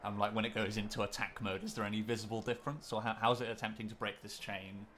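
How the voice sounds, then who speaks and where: A man's voice: on the low side, flat delivery, fast, fairly bright tone, slight background noise. A man narrating as game master of a tabletop game, describing scenes in a hesitant way with many ums and restarts.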